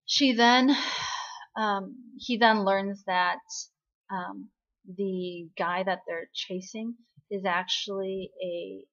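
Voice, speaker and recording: A woman's voice: medium pitch, a bit bright, lo-fi sound. A woman giving a casual, bubbly drama recap, telling the story in a chatty way and often checking in with "right?".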